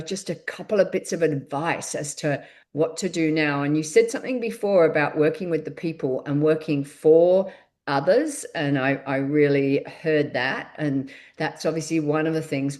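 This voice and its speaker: Low-voiced woman host asking hesitantly. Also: a little mellow. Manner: hesitant, searching for words. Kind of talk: interview questions on a call. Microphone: video call.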